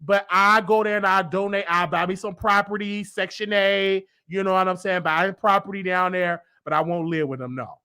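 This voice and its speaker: Bright high-voiced boastful man. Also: normal speed, few pauses, clear, resonant tone. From Chicago. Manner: animated, boastful, over-the-top persona. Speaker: show host. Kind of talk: casual comedic talk show chat.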